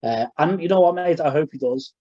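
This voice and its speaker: A man's voice: on the high side, animated, fairly quick, dark tone, no echo, lo-fi sound. A young man co-hosting a podcast, chatting casually and rambling with restarts. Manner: rambling, full of fillers and restarts. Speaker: podcast co-host. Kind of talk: casual chat.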